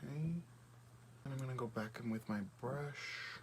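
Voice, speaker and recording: Guy doing a makeup tutorial, chatty, keeps slipping into a hushed half-whisper, a little hiss in the background. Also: medium pitch, fairly even intonation, moderate pace. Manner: chatty, often drops to a soft half-whisper while working. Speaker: beauty vlogger. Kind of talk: casual makeup tutorial chat.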